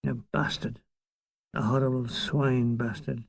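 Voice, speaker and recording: A man narrating his own war memoir as an audiobook, with deadpan, irreverent comic delivery. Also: high voice, unhurried, gravelly, dry recording.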